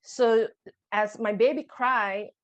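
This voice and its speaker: A young adult woman, a podcast guest, recounting a personal birth story in conversation, emotional and halting, with frequent restarts. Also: a little high, steady tone, lo-fi sound.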